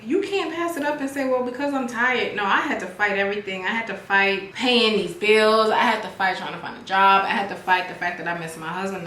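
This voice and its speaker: A woman's voice: mid-range voice, slight background noise. A woman, chatting casually with her viewers while doing her makeup. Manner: chatty, animated, talks to viewers like friends. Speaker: beauty vlogger and business owner. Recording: echoey room, faint music.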